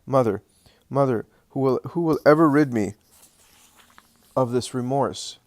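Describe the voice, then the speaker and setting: A man's voice: medium pitch, measured pace, darkish tone, no echo, voice pushed up, lightly acted. A man voicing a remorseful young male disciple who sobs and cries out in broken phrases. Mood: anguished. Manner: sobbing, crying out in broken phrases.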